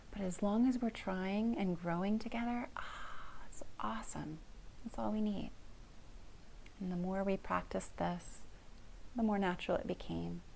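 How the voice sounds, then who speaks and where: A middle-aged woman therapist calmly teaching a couples communication skill, gentle and encouraging, often dropping to a soft whisper. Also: medium pitch, vocal fry, a little hiss or hum. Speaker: family therapist.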